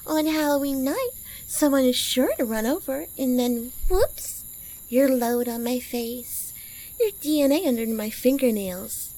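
A woman's voice: high-pitched, darkish tone, rough recording. A young woman with a girlish, little-girl-sounding voice, acting an audio role-play in a mocking, teasing manner with frequent laughs.

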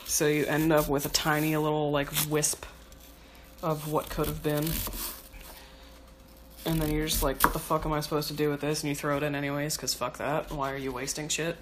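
Low-voiced woman rambling while cooking. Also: steady tone, moderate pace, pauses often. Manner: rambling, profane, self-mocking. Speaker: home cook. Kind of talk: casual chat while cooking. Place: home kitchen. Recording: kitchen noise with knife chopping.

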